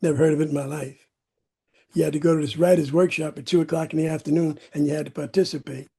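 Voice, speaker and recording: A man's voice: fairly high pitch, fairly even intonation, quick pace, gravelly, warm tone, slightly rough. A man from California giving a personal recovery testimony to a meeting, telling it dramatically and stacking up emphatic repeated words. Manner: dramatic storytelling with emphatic repetition. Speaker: recovery speaker. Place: meeting room.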